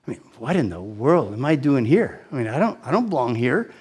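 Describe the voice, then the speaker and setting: A man in his sixties telling a personal testimony as an animated, self-deprecating storyteller with frequent restarts. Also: medium pitch, brisk, breathy edge. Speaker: speaker giving a testimony.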